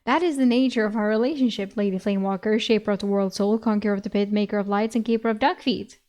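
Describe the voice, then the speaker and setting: A woman's voice: medium pitch, steady tone, fast talker, darkish tone, natural voice. A woman voicing an earnest, literal-minded male dog in a novel she reads aloud, speaking bluntly and matter-of-factly. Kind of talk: reading a novel aloud with voices.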